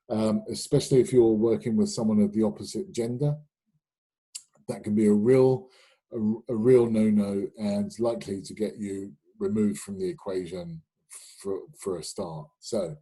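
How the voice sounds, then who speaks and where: A man in middle age, from the UK, talks a live webinar audience through his sales ideas. His voice is dark and a little husky, and he is chatty and anecdotal, full of fillers and restarts. He speaks into a webinar microphone. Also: fairly low pitch, rough recording. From United Kingdom. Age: middle-aged or older. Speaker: sales trainer hosting a webinar.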